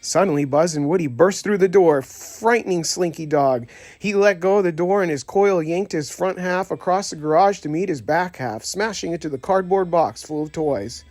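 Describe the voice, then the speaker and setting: A high-voiced man reads a scripted children's story at a moderate pace, bringing every character to life as an expressive audiobook narrator. There's no echo, though faint music can be heard behind him.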